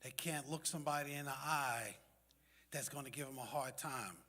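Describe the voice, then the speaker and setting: A man's voice: mid-range voice, moderate pace, sharp tone, in a large hall. A man from the South Bronx telling a streetwise personal story to a community meeting. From South Bronx, New York. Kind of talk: personal testimony to a group.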